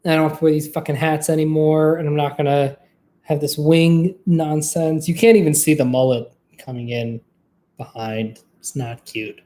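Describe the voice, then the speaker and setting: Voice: medium pitch, moderate pace, a little mellow, reverberant. Chatty, swearing vlogger with a middling voice. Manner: rambling, profane, chatty; trained singer's voice. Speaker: vlog host. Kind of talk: casual chat to camera.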